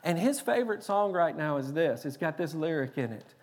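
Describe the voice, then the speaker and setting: High-voiced Tennessee preacher in a church hall. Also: male voice, husky. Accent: Tennessee Southern. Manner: lively, joking, emphatic preaching with quick restarts. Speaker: pastor. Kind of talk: sermon. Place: large church sanctuary. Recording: long reverb of a large church hall.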